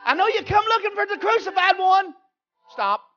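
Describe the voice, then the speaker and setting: A man's voice: extremely high pitch, expressive, normal speed, bright, forceful tone, lo-fi sound, voice pushed up, exaggerated voice. A male pastor putting on the voice of a cocky, triumphant male angel, drawling and boastful. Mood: smug.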